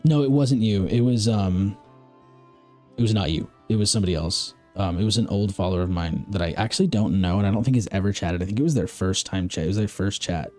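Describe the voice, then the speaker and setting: A man's voice: sits low, fast talker, mellow, soft background music. A man from the American Midwest streaming a game, chatting casually and rambling while answering his chat. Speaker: live streamer.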